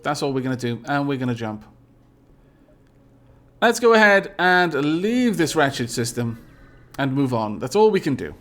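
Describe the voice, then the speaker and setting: A man's voice: mid-range voice, very animated, normal speed, pauses often, fairly bright tone, soft background music. A man streaming a space game live, reading event text aloud theatrically and answering chat in polite, formal phrasing.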